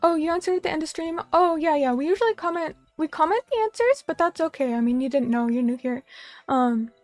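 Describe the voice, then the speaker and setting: A woman's voice: high-pitched, expressive, brisk, a little mellow, dry recording, soft background music. A young woman streaming, chatting casually with viewers and reading their comments in a rambling, self-deprecating way. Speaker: vtuber streamer. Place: small room at a little table.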